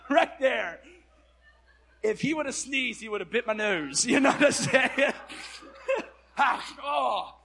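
A man preaching a storytelling sermon in a casual, slangy way, swinging between loud bursts and hushed asides. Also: extremely high pitch, animated, measured pace, vocal fry, low-quality recording.

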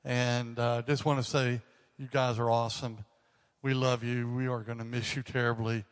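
Joking older pastor in a church hall. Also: male voice, mid-range voice, steady tone, normal speed, clear, resonant tone. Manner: casual, joking asides. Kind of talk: sermon talk to a congregation.

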